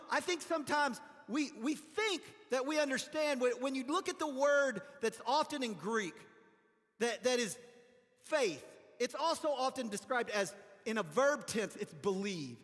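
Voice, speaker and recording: A male pastor with a strikingly high voice preaching a sermon. He talks in a loose, storytelling way, often restarting his phrases. His words ring out with a long reverb through the church hall. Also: a bit bright. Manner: conversational storytelling, frequent restarts.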